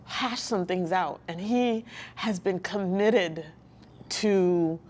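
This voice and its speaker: A woman talking as an interview guest, earnest and reflective, with pauses and restarts. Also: lowish voice, darkish tone, slight background noise. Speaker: guest, licensed counselor. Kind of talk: candid personal interview talk.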